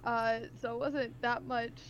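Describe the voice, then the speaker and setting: A woman's voice: fairly high pitch, little pitch movement, a little slow. A woman on a casual podcast telling a story, chatty and full of "like" and "um" fillers. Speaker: podcast co-host. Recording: faint background noise.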